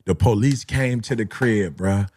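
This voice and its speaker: A middle-aged man, a motivational speaker who tells stories in slangy talk and acts out other people's voices. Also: measured pace. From Detroit area. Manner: animated, slangy, acts out voices with big pitch jumps. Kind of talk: storytelling talk.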